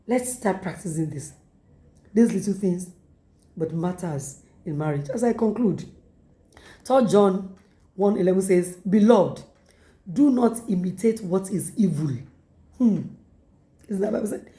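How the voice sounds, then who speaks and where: A woman's voice: medium pitch, dark tone, reverberant. A woman pastor with a Nigerian English accent preaching a sermon, urging her listeners again and again and acting out quoted lines. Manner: repetitive exhortation with acted quotes.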